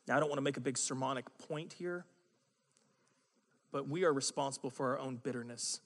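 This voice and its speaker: A man preaching a sermon in a conversational, animated way, with joking asides. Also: mid-range voice, fairly quick, long reverb tail.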